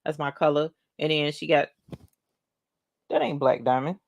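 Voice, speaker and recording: A woman hosting a casual craft livestream, chatting and greeting viewers by name with drawn-out exclamations. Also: deep voice, gravelly, darkish tone, no room sound.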